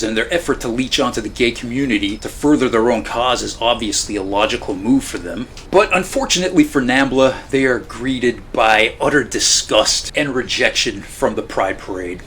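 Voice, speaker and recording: A man's voice: mid-range voice, a bit bright, a little hiss or hum. A man narrating a scripted film review in a blunt, opinionated way. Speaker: film review channel host.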